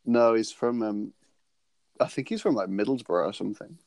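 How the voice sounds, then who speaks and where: This is a podcast co-host in relaxed conversation with a friend, a man with a rather low voice. He tells rambling, joking anecdotes and laughs often. The sound is dry and close. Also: moderate pace, vocal fry, no room sound. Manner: rambling, jokey storytelling with frequent laughs. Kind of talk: casual chat.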